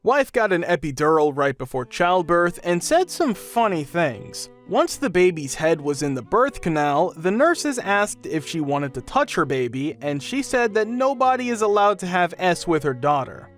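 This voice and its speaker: A man with a high voice reads out short funny anecdotes one after another, his pitch bouncing up and down as he goes. His delivery is even and read-aloud, and faint music plays behind him. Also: moderate pace, few pauses. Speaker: narrator. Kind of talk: reading online anecdotes aloud.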